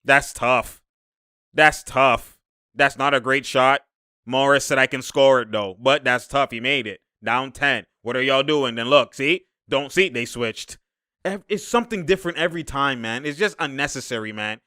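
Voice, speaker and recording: Sports commentator, male, bright and clear, excitable and slangy, dry close mic. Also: mid-range voice, normal speed, dry recording. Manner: excitable, laughs often, slangy, shouts at players. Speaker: sports commentator breaking down game film. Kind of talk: casual game breakdown commentary.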